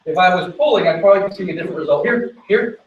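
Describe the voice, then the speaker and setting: A man working as a dog trainer, explaining his method while giving quick commands to a dog during an on-location training demonstration. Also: high voice, reverberant, far from the mic, muffled recording.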